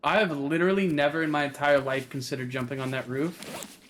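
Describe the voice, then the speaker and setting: A man's voice: a little high, steady tone, fairly quick, fairly bright tone, a little hiss or hum. A man playing a game with a friend, chatting casually, wry and a bit exasperated. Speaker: co-player. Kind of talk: casual gaming banter.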